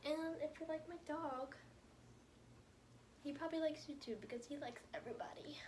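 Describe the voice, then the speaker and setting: A woman's voice: sits high, moderate pace, darkish tone. A young woman, chatting playfully in a casual vlog with her dog. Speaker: vlogger. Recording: noisy phone recording with background noise.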